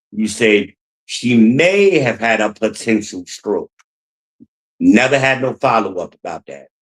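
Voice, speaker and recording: Rough audio carries a man's low, fairly bright voice as he holds forth alone on his own podcast. He's blunt and casual, venting with curse words, wandering off track, and saying the same things again.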